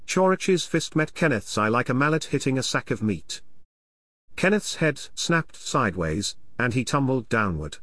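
A man reading an audiobook chapter as narrator in an expressive storytelling manner. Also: mid-range voice, no echo. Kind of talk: scripted narration.

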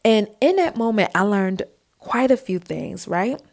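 A woman's voice: mid-range voice, unhurried. A woman hosting a podcast, telling a personal story in a casual, chatty way and acting out what others said. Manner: chatty, animated, acts out quotes. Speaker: podcast host.

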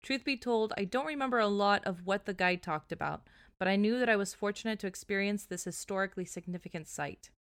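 A woman co-host reads a listener's letter in a casual podcast chat, often dissolving into giggles mid-sentence. Her voice sits at an ordinary middle pitch. The sound is close and dry, with no room around it. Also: dry recording. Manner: laughs often, breaks up mid-sentence while reading. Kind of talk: casual chat and story reading.

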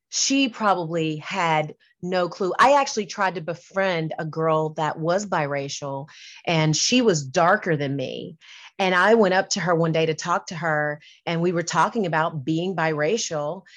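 A middle-aged woman talking candidly and earnestly as an interview guest, repeating and restarting phrases as she makes her point. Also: on the low side. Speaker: singer and entertainment business owner, interview guest.

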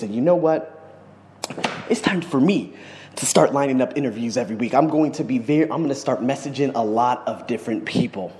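A man's voice: medium pitch, a little mellow. A man hosting his own podcast, talking in an effusive, exclamatory vlog monologue. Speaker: podcast host. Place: living in Bangkok. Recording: roomy echo with long reverb.

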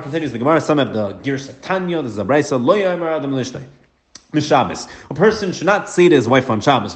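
A man giving a Talmud lesson, explaining the text quickly and mixing English with Hebrew and Aramaic terms. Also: on the high side. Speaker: Talmud teacher. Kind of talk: daf yomi Gemara lesson. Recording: echoey room.

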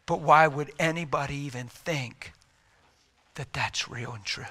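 Folksy, straight-talking male preacher, sharp and forceful delivery, a bit higher pitched. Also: unhurried. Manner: folksy, emphatic, talks straight. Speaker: traveling preacher. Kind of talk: sermon with storytelling.

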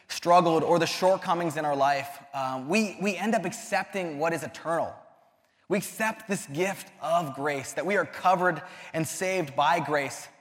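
A young man giving a casual sermon to a youth group, earnest and conversational, often restarting his sentences. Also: fairly high pitch. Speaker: youth ministry speaker. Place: church hall. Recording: long hall reverb.

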